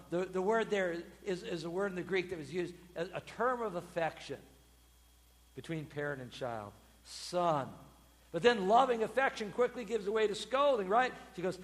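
Male preacher, high lively voice, dramatic sermon in a big echoing church. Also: normal speed. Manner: expressive, acts out quoted voices with sudden loud bursts. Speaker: pastor.

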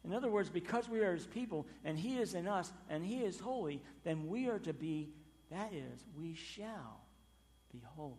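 A man preaching a sermon as pastor, emphatic, with loud stressed phrases and sudden quiet drops. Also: high-pitched, animated, normal speed, long reverb tail.

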